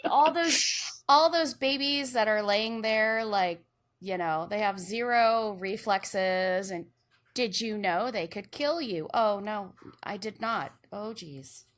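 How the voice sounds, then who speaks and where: A middle-aged woman and mother, co-hosting a podcast in animated casual chat and laughing easily. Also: mid-range voice, takes it slowly. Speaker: podcast co-host.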